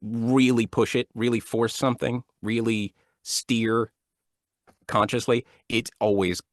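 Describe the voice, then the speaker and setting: A man's voice: mid-range voice, slow, no echo, studio quality. A man in his thirties, an actor and audiobook narrator, chatting as a guest and telling stories with frequent laughs and restarts. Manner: laughs often, restarts sentences, animated storytelling. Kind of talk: casual interview chat. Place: home studio.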